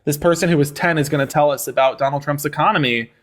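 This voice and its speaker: A man's voice: fairly high pitch, quick pace, a bit bright. A man hosting a live-stream call-in debate, mocking and needling his guests and laughing often. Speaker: livestream debate host.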